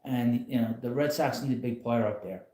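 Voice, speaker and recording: A man's voice: mid-range voice, fairly quick, warm tone, reverberant. A man hosting a casual live stream from home, talking in a rambling, blunt way with frequent chuckles. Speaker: channel host. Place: home, in a rocking chair.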